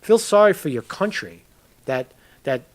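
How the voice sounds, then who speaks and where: A man's voice: high-pitched, animated, measured pace. A man giving a casual commentary video, ranting in a profane, rambling way and tagging lines with "right?". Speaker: political commentator.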